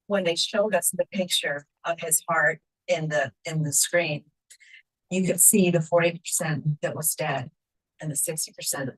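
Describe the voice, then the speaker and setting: A woman's voice: sits low, a bit bright. Heartfelt woman telling a testimony. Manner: candid, heartfelt, close to tears at times. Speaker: conference speaker. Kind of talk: personal testimony storytelling. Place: large conference hall. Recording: echoey hall.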